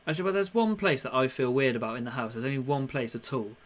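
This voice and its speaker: A young man co-hosting a casual podcast, telling animated stories and acting out the lines he quotes. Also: mid-range voice, quick pace. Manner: animated storyteller, acts out quotes. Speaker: podcast co-host. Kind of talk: casual chat.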